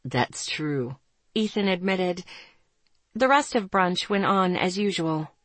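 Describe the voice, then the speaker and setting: A woman narrating a first-person story as an audiobook, steady and measured. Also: medium pitch, no echo.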